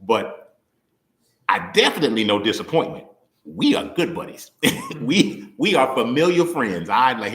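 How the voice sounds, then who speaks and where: A young man preaching in a loose, conversational way, his pitch leaping around as he laughs and acts out little scenes. His voice is bright, and it rings in a roomy, echoey space. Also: a little fast. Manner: animated and playful, laughing often, acting out voices. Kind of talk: conversational sermon. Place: church hall. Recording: roomy echo.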